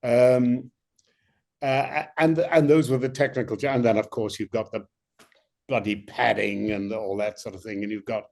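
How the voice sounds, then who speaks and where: An older male actor, a guest in an interview, telling animated stories with many restarts. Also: on the low side, normal speed, creaky. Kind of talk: interview anecdotes.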